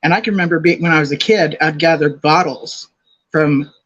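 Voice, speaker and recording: A woman's voice: low-pitched, brisk, breathy edge, highs cut off. An older woman co-hosting a casual commentary chat, reasoning things out aloud in a thoughtful way. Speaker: co-host.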